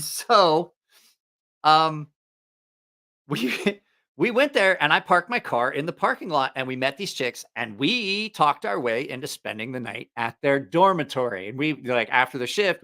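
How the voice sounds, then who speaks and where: A man's voice: fairly high pitch, animated, moderate pace, sharp tone. A man hosting a live stream, telling a rambling, profane story in a casual way and laughing at his own jokes.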